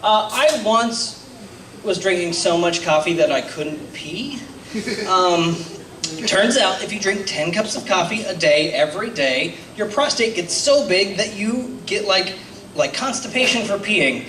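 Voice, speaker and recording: A man's voice: sits high, animated, a little slow, a little hiss or hum. A man in his twenties doing a stand-up comedy set, hesitant and self-deprecating with many ums. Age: 20s. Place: comedy club stage. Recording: roomy club sound, mic heard from a distance, loud crowd laughter. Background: audience laughing.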